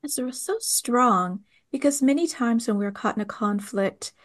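A woman's voice: on the high side, a little slow. Reflective woman hosting an interview. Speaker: interview host. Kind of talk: conversational interview.

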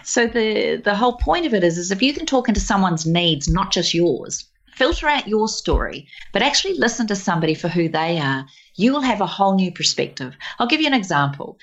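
A woman speaking as a guest, telling everyday stories in an animated, expressive way. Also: mid-range voice, a little fast, highs cut off. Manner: animated, expressive storyteller who slips into voices. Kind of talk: casual conversational storytelling.

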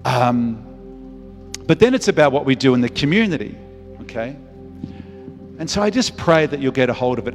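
A man's voice: mid-range voice, sing-song, normal speed, long pauses, long reverb tail, faint music behind. A man in his fifties, a pastor preaching a sermon, earnest and repeating phrases for emphasis. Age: 50s.

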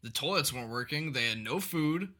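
Man, podcast co-host, lively storyteller, bright voice, swearing freely. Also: mid-range voice, a little fast. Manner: animated, profane storytelling. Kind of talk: casual chat, storytelling.

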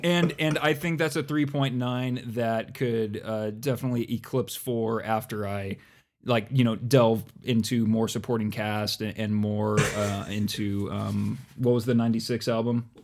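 A man's voice: lowish voice, steady tone, a little slow, a little mellow. A man co-hosting a podcast in casual chat, rambling and self-deprecating, with lots of fillers. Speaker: podcast co-host.

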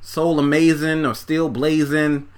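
A music reviewer goes through an album track by track, giving out scores in a relaxed, rambling way, and seems to be folding laundry while he talks. His voice is a little high and measured in pace, and his loose, profane speech is packed with fillers and restarts.

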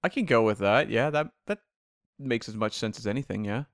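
A man co-hosting a podcast in relaxed, agreeable casual chat, musing aloud. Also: mid-range voice, a little fast, gravelly, dry recording, clean studio sound. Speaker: podcast co-host.

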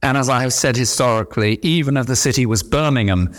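A man's voice: mid-range voice, quick pace. A middle-aged man preaching a sermon, emphatic, with repeated refrains. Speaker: pastor.

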